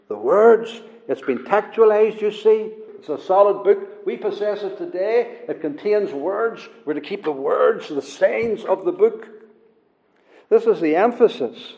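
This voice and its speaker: A man preaching a sermon, slow and emphatic, repeating key words for weight. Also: sits high, lively intonation, darkish tone. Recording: dull lo-fi recording in a long-reverb hall.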